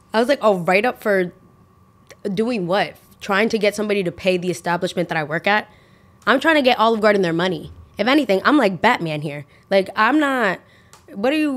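A young woman hosting a podcast, telling a story casually and acting out the quotes with big jumps in pitch. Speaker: podcast host.

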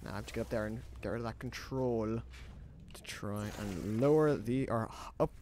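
A man's voice: fairly low pitch, normal speed. An Irish man doing jokey, self-deprecating let's-play commentary, sounding stressed. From Ireland. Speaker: gaming YouTuber.

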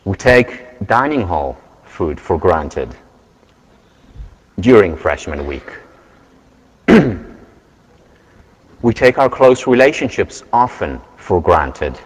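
A man giving a university lecture, earnest and measured, telling stories to make his point. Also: deep voice, big pitch swings, breathy edge. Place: large lecture hall. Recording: lecture hall with long reverb.

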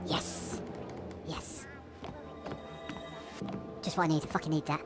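A woman's voice: deep voice, steady tone, takes it slowly, over music. A woman giving nervous, jumpy commentary while playing a horror game, swearing often and laughing through the fear. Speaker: let's play gamer.

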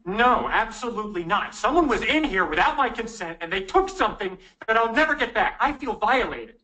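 A man's voice: high voice, lively intonation, a little fast, pushed and bright, rough recording. A man doing a polite but exasperated victim pleading with the police, his voice rising and falling a lot. Earnest and indignant throughout. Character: polite, frustrated male robbery victim. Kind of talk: comedy sketch acting.

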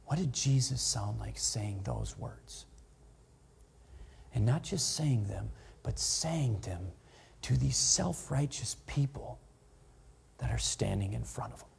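Gravelly-voiced preaching pastor. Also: male voice, medium pitch, animated, slow pace, long pauses, a little hiss or hum. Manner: dramatic, shifting between loud and hushed preaching. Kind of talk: sermon. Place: church.

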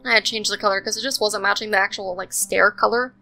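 A woman's voice: medium pitch, fairly even intonation, quick pace, pushed and bright, soft background music, rough recording. A young woman rambling casually with lots of fillers, giving voice-over commentary on a building game. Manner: rambling, chatty, lots of ums and likes. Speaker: Sims speed-build commentator.

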